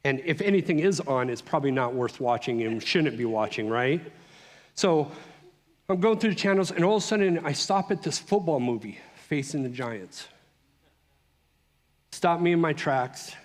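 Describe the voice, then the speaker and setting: A middle-aged man speaks at a conference, sharing his own story in an animated, conversational way that often breaks off and restarts. His voice sits a little higher than most men's. A long hall reverb trails after his words. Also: normal speed. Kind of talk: personal testimony speech.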